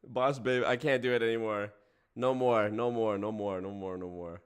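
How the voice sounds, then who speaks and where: A man's voice: fairly low pitch, steady tone, normal speed, smooth. A man hosting a casual livestream, chatting with viewers, breaking into frequent laughter and swearing casually. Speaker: streamer host.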